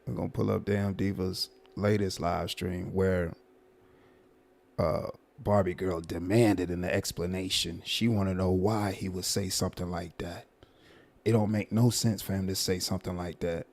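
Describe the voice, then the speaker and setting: A man hosting a casual livestream commentary, talking to his viewers in a drawn-out, repetitive, emphatic way. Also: low-pitched, fairly even intonation, gravelly, darkish tone.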